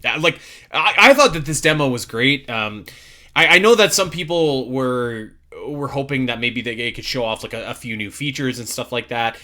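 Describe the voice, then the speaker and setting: A man's voice: mid-range voice, animated, normal speed, pushed and bright. A young man co-hosting a casual podcast, talking enthusiastically and emphatically with many restarts. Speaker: podcast co-host.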